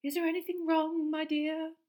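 A woman voicing a dreamy, airy older female professor in a high, loud voice, as in an audiobook. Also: little pitch movement, normal speed.

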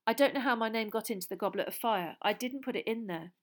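A woman's voice: on the high side, fast talker, natural voice. A woman doing a flustered teenage boy. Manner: hesitant, irritated.

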